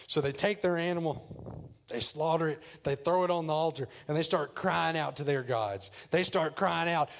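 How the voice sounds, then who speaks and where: A preacher tells a story from the pulpit with playful humor and energy. His voice sits a touch high, and he speaks in a casual, conversational sermon style. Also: normal speed. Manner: lively, jokey retelling. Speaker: pastor.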